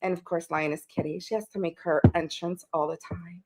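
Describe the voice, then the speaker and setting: A woman's voice: fairly low pitch, fairly even intonation, brisk, darkish tone. A woman hosting a casual live-stream tarot reading, chatting and greeting viewers with pet names. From Canada.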